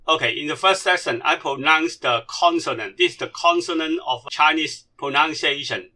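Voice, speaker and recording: A man whose first language is Cantonese, teaching a slide-based lesson in non-native English and slowly drilling syllables one by one. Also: on the high side, bright, forceful tone.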